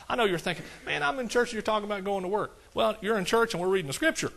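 A middle-aged man with an East Texas accent preaching a conversational sermon in a church, folksy and plain-spoken, calling for amens and rising higher and louder on the points he stresses. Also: animated, rapid-fire, creaky, few pauses. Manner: folksy, calls for amens, rises high and loud on emphatic points. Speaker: pastor.

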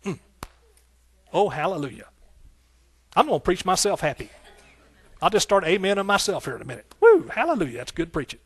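Fervent preacher with a higher voice. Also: male voice, animated, fairly quick, pauses often, husky, no echo. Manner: fervent and rhythmic, with repeated phrases and shouts of hallelujah; folksy, talking directly to the congregation. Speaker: pastor. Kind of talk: sermon.

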